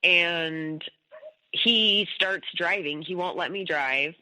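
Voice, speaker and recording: Bright-voiced woman telling her story candidly. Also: fairly low pitch, rough recording. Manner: candid, rapid, emotional retelling with frequent "like" fillers and swearing. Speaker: podcast guest. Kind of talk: personal storytelling in a conversation.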